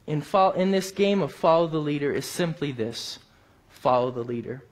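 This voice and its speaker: A man preaching a sermon, telling a personal story and rising to emphatic peaks before dropping quiet. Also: on the high side, expressive, moderate pace.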